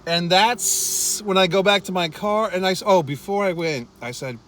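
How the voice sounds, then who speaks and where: A man with a voice a little higher than most talks to his viewers from a car while he eats. He rambles and swears freely, with wry asides to the audience. A faint hum of background noise sits under his voice. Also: normal speed, hardly any pauses, a bit bright. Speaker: vlogger. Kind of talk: casual eating vlog rant.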